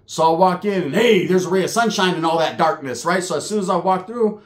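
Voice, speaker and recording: A man's voice: high voice, brisk. A man telling a prison story in casual, profane, slang-heavy street talk.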